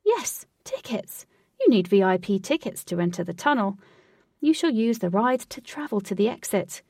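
A woman's voice: medium pitch, lively intonation, a little fast, darkish tone, dry recording, studio quality, recorded from a distance. A woman voicing a commanding, scheming queen who speaks in a stately, formal way.

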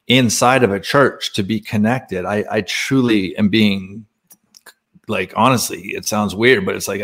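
A man speaking as a podcast guest, telling a personal spiritual story in a casual, earnest way, laughing often and using many fillers. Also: lowish voice.

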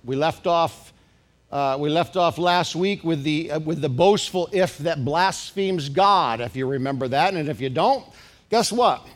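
A man preaching from the pulpit of a church, his voice sitting a little higher than most men's. He moves from fast, chatty asides to big, stretched-out lines that carry across the room. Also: soft background music. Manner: builds to loud, drawn-out emphatic preaching; quick asides with restarts and fillers. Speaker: pastor. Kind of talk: sermon. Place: church sanctuary with congregation.

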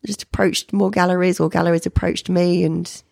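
Middle-aged NZ woman, low fry-edged voice, chatty animated storyteller, dry close mic. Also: brisk, dry recording. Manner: animated, jumps high when quoting people. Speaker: painter being interviewed. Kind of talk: casual storytelling interview.

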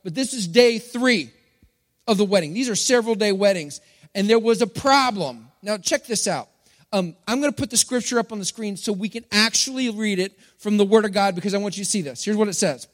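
Preacher with a high voice. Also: male voice, a little fast. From Texas. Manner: playful, joking with the congregation. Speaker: pastor. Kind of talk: sermon. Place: church hall. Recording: long hall reverb.

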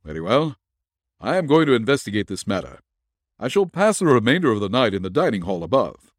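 A man's voice: mid-range voice, big pitch swings, brisk, dry recording. Stern aging colonel, formal and imperious, voiced by a male narrator, dry close sound.

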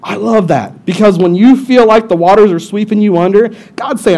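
An animated young male pastor with a notably high-pitched voice delivers a casual, joking sermon. He tells the story in lively bursts and wanders into quick side remarks. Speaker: lead pastor.

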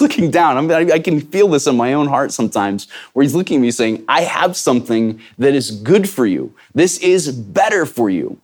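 Man preaching in a conversational way. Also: a little high. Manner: conversational, emphatic, with frequent fillers and restarts. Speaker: pastor. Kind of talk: sermon.

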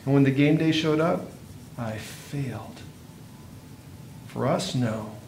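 A man preaching a sermon, earnest, with dramatic pauses and swelling emphasis. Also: creaky, a little mellow. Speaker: pastor. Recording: echoey room with faint noise and rumble.

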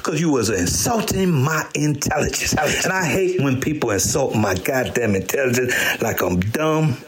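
A middle-aged man hosting a comedy show, telling a profane story and acting out quotes in sudden high bursts. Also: expressive, moderate pace, a little hiss or hum. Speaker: comedian host. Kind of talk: storytelling stand-up monologue.

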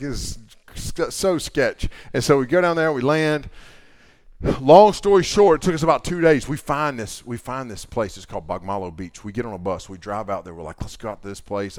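A middle-aged man preaching at a youth camp, telling a story in an animated way, acting out the dialogue and swinging from loud to hushed. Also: mid-range voice, no echo. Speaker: camp speaker.

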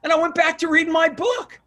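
Speaking with an extremely high pitch at a moderate pace, this man is a pastor and author being interviewed. The conversation takes on a preaching tone as his emphatic storytelling rises to shouts during retellings.

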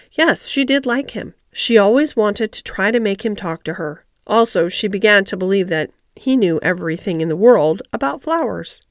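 A woman narrating a classic children's novel as an audiobook, in a measured, gentle reading voice. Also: medium pitch, dry recording, clean studio sound. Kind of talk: storybook narration.

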